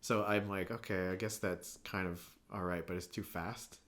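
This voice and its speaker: Young male podcast guest, lowish voice, loose rambling storyteller, laughs often. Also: steady tone, normal speed, a bit bright. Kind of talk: casual chat.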